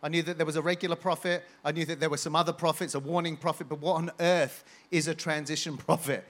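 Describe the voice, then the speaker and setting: An energetic man preaches to his congregation, calling out to them and then sliding into a long personal story. His voice sits a little high for a man. He keeps a loose, conversational storytelling flow. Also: fast talker. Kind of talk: sermon with personal testimony.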